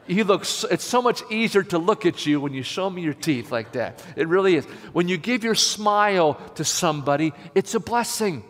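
A man preaching a sermon as a pastor, emphatic and slowing down to stress key phrases. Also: sits high, animated, a bit bright. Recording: long hall reverb.

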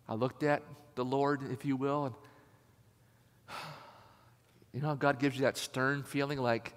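A man preaching a sermon as a lively story, acting out the people in it. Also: medium pitch, a little slow, pauses often. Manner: animated, acts out voices. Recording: long hall reverb.

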